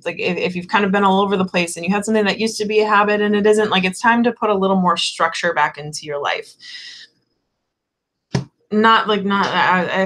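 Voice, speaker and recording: A woman's voice: lowish voice, a bit bright. A woman shop owner chatting casually on a tarot livestream, rambling and giggly, with lots of fillers.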